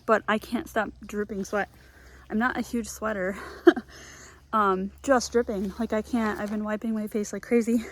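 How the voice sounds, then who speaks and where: Young woman filming herself in the woods, kinda high voice, giggly, out of breath, handheld cam. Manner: chatty, giggly, self-deprecating. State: out of breath and sweaty. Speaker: foraging vlogger. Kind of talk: casual vlog talk to camera. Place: humid woods outdoors. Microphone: handheld camera.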